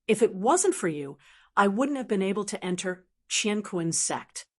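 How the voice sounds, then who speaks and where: A woman voicing a composed young male master who speaks calmly with faint mockery. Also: mid-range voice, moderate pace. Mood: calm mocking. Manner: calm and faintly mocking. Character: calm, mocking young male master in white.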